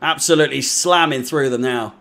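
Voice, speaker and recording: A man's voice: mid-range voice, brisk, creaky, fairly bright tone. A young man from England hosting a live football watch-along, deflated, sweary and sarcastic. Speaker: fan channel host.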